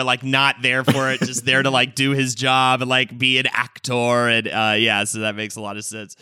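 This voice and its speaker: Podcast dude, smooth crisp voice, laid back, lots of likes and uhs. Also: male voice, medium pitch, no echo, studio quality. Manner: relaxed, filler-heavy recounting. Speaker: podcast co-host. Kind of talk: casual podcast chat.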